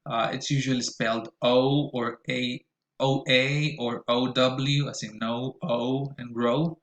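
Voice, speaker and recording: A man's voice: mid-range voice, flat delivery, slow, roomy sound. A man teaching a recorded pronunciation lesson, explaining carefully with frequent "uh" and "um" fillers.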